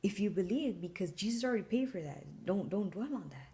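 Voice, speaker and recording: A woman telling a personal story in a chatty, animated way, full of fillers, acting out both sides of a phone call. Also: medium pitch, a little fast.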